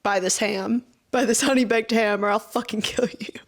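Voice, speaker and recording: A woman putting on a brash male mobster with an exaggerated New York accent, loud and threatening. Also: on the high side, fairly even intonation, normal speed, natural voice. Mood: menacing. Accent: put-on New York.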